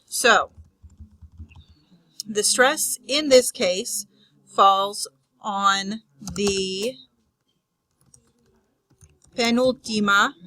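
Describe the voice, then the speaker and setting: A woman teaches a grammar lesson at an unhurried pace, slowing further to spell out each term. Her voice is bright and clear. She speaks unscripted, with fillers and restarts, in a dry room with no echo. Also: mid-range voice. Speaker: Spanish teacher. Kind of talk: explaining grammar rules.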